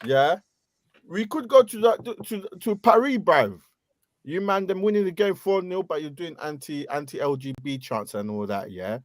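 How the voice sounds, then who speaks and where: Young london guy roasting footballers, high lively voice, dry close sound. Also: moderate pace, no echo. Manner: animated, slangy, mocking. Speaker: podcast co-host. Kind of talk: casual football banter.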